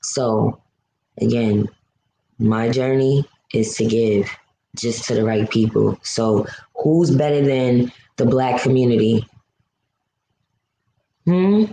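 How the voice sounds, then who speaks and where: A woman's voice: rumbling low, fairly even intonation, slow pace, warm tone, echoey room, a little hiss or hum, rough recording. A woman from New City, hosting a live stream and venting to viewers in a blunt, emotional, profane way. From New York City.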